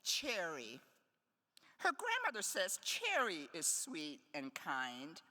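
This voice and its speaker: A woman poet reads her work aloud at an unhurried pace, her pitch swinging widely through each line. Between poems she drops in playful, wry asides. Her voice carries a long reverb from the hall. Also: huge pitch swings, pushed and bright. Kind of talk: live poetry reading. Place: conference hall.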